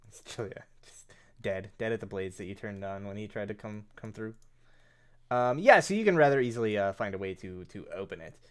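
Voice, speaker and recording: A man narrating a tabletop game as game master, halting with frequent fillers and restarts. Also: on the low side, expressive. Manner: hesitant, many fillers and restarts.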